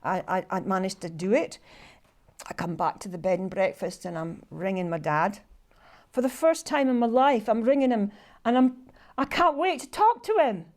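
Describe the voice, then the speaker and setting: A Scottish woman telling a personal story to a live audience, halting and repeating herself with deep feeling. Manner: halting, repetitive and heartfelt.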